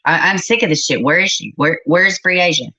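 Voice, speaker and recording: A middle-aged woman hosting a livestream talks bluntly and with exasperation to her live chat. Her lowish voice is fairly quick, pushed and bright, and the recording sounds slightly muffled.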